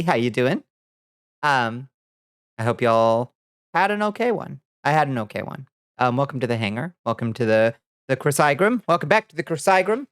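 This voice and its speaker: A woman's voice: very deep voice, dry recording. Chill woman vtuber shooting the breeze w/ chat, swears a lot, dead dry mic. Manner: laid-back, swears freely, greets chatters by name. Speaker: vtuber streamer. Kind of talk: casual livestream chat with viewers.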